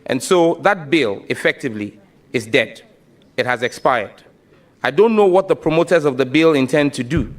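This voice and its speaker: A man's voice: medium pitch, animated, brisk. A man answering questions as a nominee before a parliamentary committee, speaking emphatically and declaratively. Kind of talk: formal testimony. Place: parliamentary committee hearing room.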